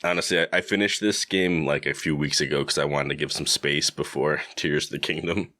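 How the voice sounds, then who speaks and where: A man's voice: rumbling low, steady tone, brisk, sharp tone, no echo, studio quality. A man in his thirties hosting a podcast in casual chat, laid-back and slangy, laughing often. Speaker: podcast host.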